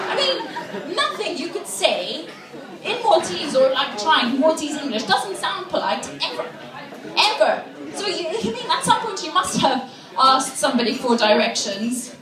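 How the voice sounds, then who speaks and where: A woman's voice: high-pitched, a bit bright, echoey room, far from the mic. A woman from Malta performing a chatty stand-up comedy set, laughing through her lines. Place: comedy venue on stage. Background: audience.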